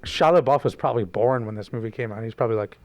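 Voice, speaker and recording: A man's voice: medium pitch, racing, a little mellow. A young man co-hosting a podcast in casual chat, rambling and teasing his co-host.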